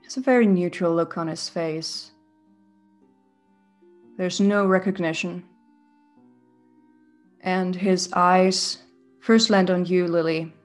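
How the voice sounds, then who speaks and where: A woman game master narrating a tabletop game in a slow, descriptive, atmospheric way. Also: on the low side, steady tone, soft background music.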